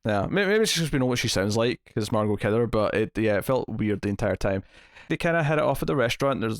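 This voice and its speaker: A man with a lowish voice hosts a casual movie review podcast, rambling, correcting himself, and frequently breaking into laughter. The sound is studio quality with no echo.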